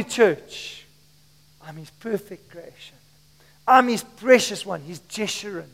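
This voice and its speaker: A man preaches in a strikingly high voice, pressing each line with emphasis and calling on the congregation to repeat after him. His sermon rings through a church hall with long, lingering reverb. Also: lively intonation, unhurried. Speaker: pastor.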